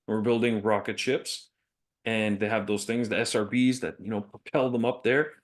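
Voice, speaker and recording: A chatty man co-hosting a business podcast, with a voice of ordinary middle pitch. He talks casually, tells stories and laughs often as he goes. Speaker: podcast co-host.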